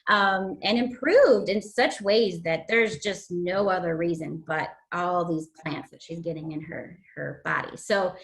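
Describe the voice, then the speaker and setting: An earnest woman speaks at an ordinary pitch as she tells her own story. She sounds emotional and often halts on fillers. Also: a bit bright. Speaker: guest sharing a testimony. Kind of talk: personal testimony.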